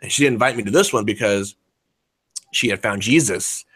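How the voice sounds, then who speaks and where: Chatty fortyish man, bright voice. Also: fairly low pitch, brisk, breathy edge, dry recording. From United States. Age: 40s. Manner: rambling, profane, many fillers and restarts. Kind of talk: casual chat.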